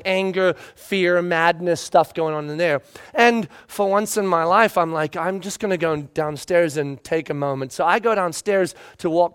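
A pastor delivers a storytelling sermon in a noticeably high male voice. His delivery is expressive, rising to loud emphasis at times and dropping to hushed tones at others. He is talking to a congregation. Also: smooth.

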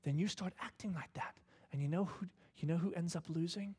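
A man's voice: a little high, brisk, hardly any pauses, slightly rough. A man in his thirties preaching a sermon, telling a personal family story and acting out the voices in it. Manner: animated, acts out voices in his stories. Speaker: pastor.

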